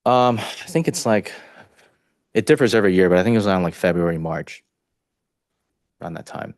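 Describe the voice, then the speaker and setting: A man testifying as a witness in a courtroom, speaking haltingly with many "you know" fillers. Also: low voice, lively intonation, no echo, studio quality.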